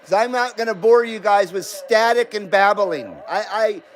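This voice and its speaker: A man with a voice that sits high hosts a casual livestream about CB radio, speaking at a measured pace. He chats loosely, laughs often, and reads viewer comments aloud. The audio quality is poor.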